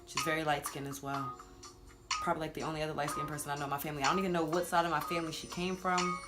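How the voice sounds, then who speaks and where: A woman's voice: low-pitched, flat delivery, very fast, over music. A woman in her twenties with a New Jersey accent, chatting casually in a get-to-know-me video and laughing often. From Louisiana, raised in New Jersey. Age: 20s. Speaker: vlogger.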